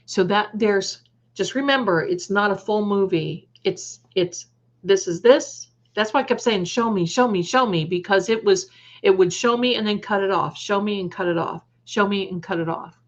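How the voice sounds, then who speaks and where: A woman hosting a psychic livestream, chatting with viewers, trailing off and restarting, and slowly reading out lists of words. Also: medium pitch, dull audio. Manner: reads out word lists slowly.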